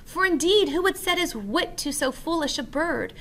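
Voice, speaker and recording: A woman's voice: very high voice, expressive, moderate pace, a bit bright, voice pushed up, heavily acted. A woman reading the lines of a blustering, foolish male weaver, declaiming them over-dramatically. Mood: pompous.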